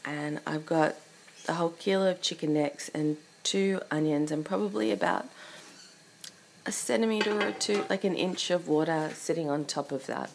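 A woman with a hoarse, sick voice chatting casually to listeners while she cooks, often half-whispering, with an accent from outside the US. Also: deep voice, moderate pace, slight background noise. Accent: non-US English. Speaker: podcast host. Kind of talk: casual chat while cooking.

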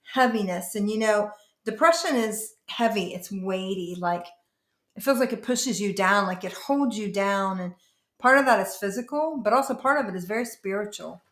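A woman pastor telling her personal testimony in an interview, earnest and emotional, often halting and restarting. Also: medium pitch, echoey room.

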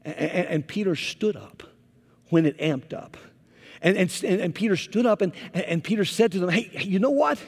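A man, a pastor, preaching a sermon as an animated storyteller whose volume rises and falls. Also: high voice, moderate pace. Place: church sanctuary. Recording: long reverb of a large hall.

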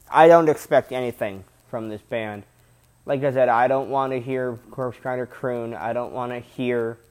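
A man's voice: medium pitch, a little mellow. A young man reviewing a metal album in a casual vlog, rambling and repeating himself with loose slang. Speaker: music reviewer.

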